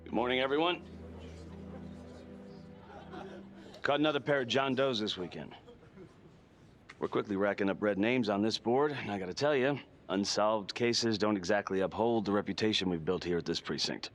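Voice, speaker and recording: A man's voice: on the low side, brisk, fairly bright tone, natural voice. An actor playing a stern but fatherly police captain in a video game.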